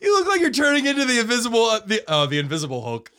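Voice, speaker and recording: Wry man with a bright, high voice. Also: huge pitch swings, racing, smooth. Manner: wry, dry jokes. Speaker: podcast co-host. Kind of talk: casual comedic banter.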